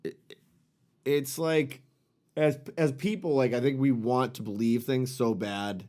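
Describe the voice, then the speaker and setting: A man's voice: medium pitch, fairly even intonation, measured pace, darkish tone. A middle-aged man co-hosting a podcast, ranting and swearing in casual chat. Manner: profane, ranting. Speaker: podcast co-host.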